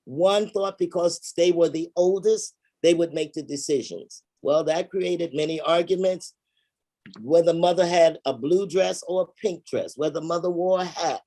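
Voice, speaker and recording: A woman giving a measured, explanatory presentation on funeral pre-planning over a video call. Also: on the low side, warm tone.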